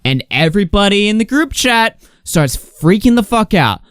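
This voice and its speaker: A man's voice: big pitch swings, moderate pace, fairly bright tone, clean tone, no room sound, clean studio sound. A young man hosting a talk show, ranting heatedly with lots of swearing. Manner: heated, profane, mocks others in high whiny voices. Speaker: podcast host.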